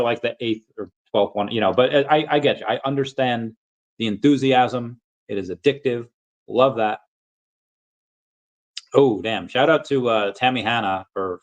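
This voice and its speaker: Male livestream host, casual and animated, reacts loudly to chat, mid-range voice. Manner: animated, reads viewer comments aloud and reacts; emphatic, pitch jumps high when excited.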